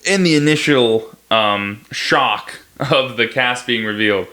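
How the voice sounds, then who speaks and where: A young man co-hosting a casual movie review podcast, wry and joking with quick asides. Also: medium pitch, a crowd in the background. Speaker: podcast co-host.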